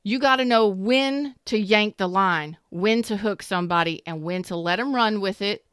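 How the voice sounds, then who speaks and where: A woman's voice: medium pitch, moderate pace, fairly bright tone, smooth, no echo, clean studio sound. A woman giving a casual tarot reading, talking in an emphatic, repetitive way and drifting into a personal story. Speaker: tarot reader.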